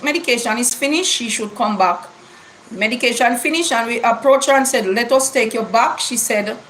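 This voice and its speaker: Jamaican lady in her middle years, kinda high voice, storytelling to her youtube viewers, says things twice for emphasis, light hiss in the background. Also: fairly bright tone, low-quality recording. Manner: repetitive, emphatic storytelling with Jamaican English grammar. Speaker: YouTube vlogger.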